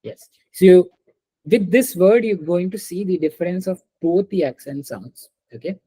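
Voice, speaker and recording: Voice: mid-range voice, measured pace, mellow, husky, poor audio. A teacher giving an online French class over a video call, patiently repeating words and calling on students.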